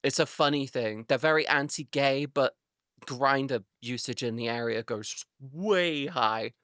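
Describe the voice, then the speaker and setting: A woman's voice: extremely low pitch, measured pace, fairly bright tone, no echo, studio quality. A woman streamer in a casual live chat with her viewers, ranting animatedly, swearing a lot and laughing often.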